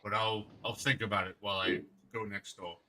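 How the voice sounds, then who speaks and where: A man playing a tabletop game, relaxed and a bit hesitant. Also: on the low side, a little fast, crowd noise, poor audio. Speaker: player. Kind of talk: casual tabletop play.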